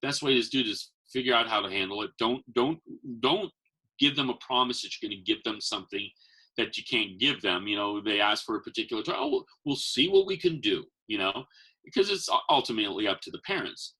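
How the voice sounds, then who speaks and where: A man's voice: fast, breathy edge. A man, a magician who works as Santa, telling stories in a casual chat and acting out the voices of the people in them. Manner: animated, acts out quotes with big pitch jumps. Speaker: podcast guest, magician and Santa performer. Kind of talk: casual storytelling.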